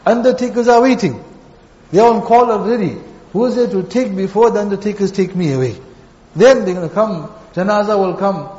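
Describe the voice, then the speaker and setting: High-voiced preacher in an echoey hall. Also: male voice, a little fast, warm tone, lo-fi sound. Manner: storytelling with repeated phrases and acted quotes. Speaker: Islamic preacher. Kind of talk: sermon.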